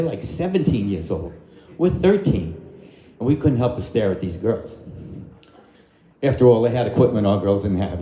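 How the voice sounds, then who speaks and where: An older man with a warm, medium-pitched voice croons oldies as a dinner-show singer and tells joking, folksy stage stories between songs to a live restaurant crowd. The recording is roomy, captured live in the restaurant with backing music.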